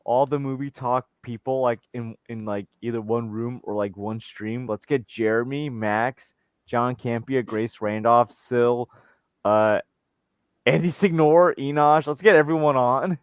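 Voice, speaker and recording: A man hosts a casual stream chat. He tells animated, joking stories and breaks into silly voices. His voice sits in a middle register, and the sound is dry and close. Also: medium pitch, unhurried, clean tone, no echo, dull audio. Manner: animated storyteller, jokey, does silly impressions. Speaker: show host.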